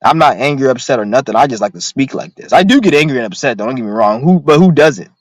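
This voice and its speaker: A man's voice: medium pitch, expressive, fast, no room sound, low-quality recording. Profane man ranting to viewers. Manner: profane, rambling, emphatic; reads out viewer comments. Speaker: vlogger.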